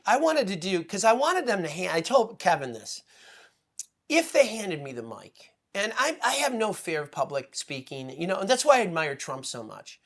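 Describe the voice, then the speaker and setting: A man speaking as a guest on a political talk show, emotional and rambling, swinging between loud outbursts and hushed asides. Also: high voice, sing-song, moderate pace. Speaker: guest commentator. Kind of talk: impassioned political commentary.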